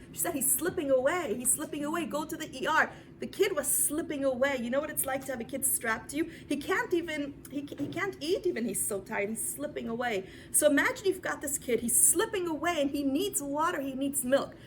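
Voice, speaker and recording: Lecturing a class of women, this New York woman who teaches Torah uses a voice that sits high. She is theatrical, moving between loud, emphatic moments and near-whispers and repeating words for effect, while a little background noise can be heard.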